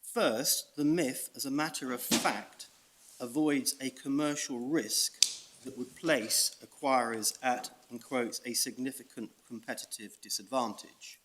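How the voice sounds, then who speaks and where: Measured British male barrister. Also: mid-range voice, background noise. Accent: British English. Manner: measured, reads out evidence with emphasis. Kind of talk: courtroom legal argument.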